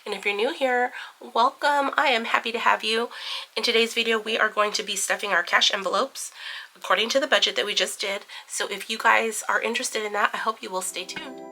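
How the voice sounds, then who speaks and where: Bright-voiced woman chatting through a budgeting vlog. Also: fairly high pitch, fairly even intonation, fairly quick, poor audio. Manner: chatty, filler-heavy, counting cash aloud. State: recovering from bronchitis. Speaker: budgeting channel host. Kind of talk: casual chat.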